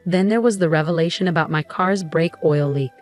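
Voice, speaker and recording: Low-voiced woman narrating a story. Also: a little fast, a little mellow, faint music behind. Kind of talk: first-person story narration.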